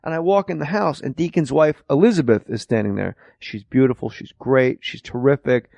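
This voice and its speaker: A man's voice: medium pitch, moderate pace, gravelly, no echo, highs cut off. A man hosting a podcast, telling a comic story full of swearing and acted-out voices. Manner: profane, animated, acts out voices. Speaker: podcast host.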